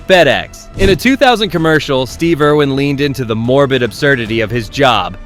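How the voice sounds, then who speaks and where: A man's voice: a little high, a bit bright. A man reading a scripted, sarcastic commentary narration with a wry, punchy delivery. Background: faint background music.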